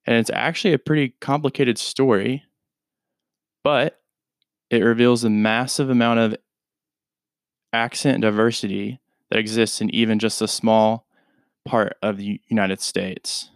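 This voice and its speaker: A man's voice: mid-range voice, steady tone, measured pace, pauses often, no room sound, clean studio sound. Laid-back man hosting a teaching podcast. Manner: laid-back, chatty, informal explanations. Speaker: podcast host and English teacher.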